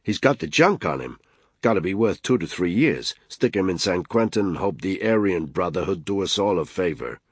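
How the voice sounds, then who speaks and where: A brash, sarcastic surveillance analyst, voiced by a male audiobook narrator. His delivery is blunt and impatient, pitched a little above a husky low baseline. The sound is close and dry. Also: sing-song, normal speed, no room sound, heavily acted. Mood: wry.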